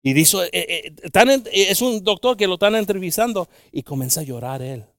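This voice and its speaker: Preacher man swinging between hush and proclamation. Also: sits high, animated, dry recording, studio quality. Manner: swings between hushed intimate talk and loud, slow, drawn-out scripture reading; halting, with frequent fillers and restarts. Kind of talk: bilingual sermon.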